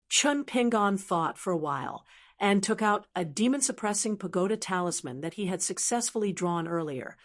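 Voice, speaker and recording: A woman's voice: medium pitch, animated, moderate pace. Woman narrating an audiobook.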